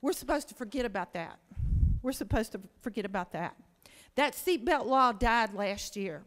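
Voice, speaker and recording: A woman speaks from the floor of a large legislative chamber, and the long reverb of the room trails behind her. Her voice sits a little high as she presses her case emotionally with one rhetorical question after another. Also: lively intonation, normal speed, a bit bright. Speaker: state senator. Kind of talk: impassioned floor speech.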